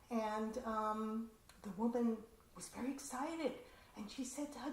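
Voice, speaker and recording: A woman performing a personal story at a community event, with a chatty, animated telling and asides. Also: fairly high pitch, measured pace. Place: community center hall. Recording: roomy hall with faint noise.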